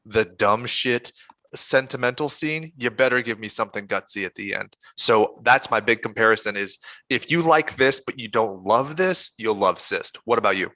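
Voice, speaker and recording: Brief: podcast co-host, man, bright and forceful tone, blunt and profane, dry close sound. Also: fairly low pitch, moderate pace, no echo. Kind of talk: casual chat.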